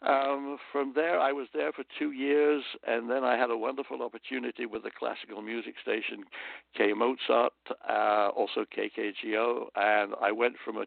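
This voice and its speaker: A man's voice: mid-range voice, flat delivery, normal speed, creaky, dry recording. A man from London with a British accent, a guest telling stories in an interview, an earnest raconteur who slips into motivational asides. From London, England. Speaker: guest storyteller. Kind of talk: anecdotal interview storytelling. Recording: dry, tinny phone line.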